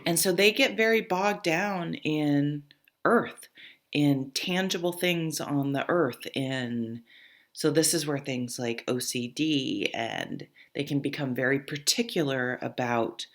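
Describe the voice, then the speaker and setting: A woman's voice: deep voice, takes it slowly. A woman with a stuffy nose from a cold, giving a casual tarot reading and thinking aloud as she goes, with many fillers. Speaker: tarot reader.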